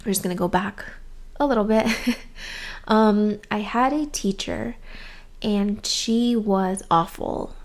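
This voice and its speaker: A young adult woman with a mid-range voice speaks slowly. As a YouTuber, she chats casually and candidly to the camera for her viewers, using lots of "um" and "like."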